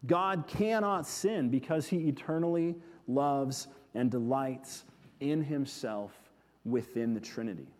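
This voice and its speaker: A man preaching a sermon, earnest, repeating key words and letting them fall soft. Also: medium pitch, slow, long reverb tail. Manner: earnest, with emphatic repetitions falling soft. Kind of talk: sermon teaching on scripture.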